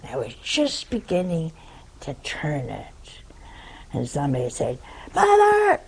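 A woman's voice: a bass voice, sing-song, measured pace, background noise. An older woman, a nun, telling a humorous folksy story to an audience. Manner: humorous, folksy anecdote with laughs. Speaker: nun giving a talk.

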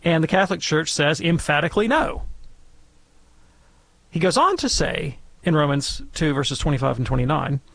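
Male radio theology expert, gravelly and slightly high-pitched, dry close mic, emphatic and repetitive as he explains. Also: lively intonation, moderate pace, fairly bright tone, dry recording. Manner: emphatic, repeats phrases for stress. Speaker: theology expert answering listeners.

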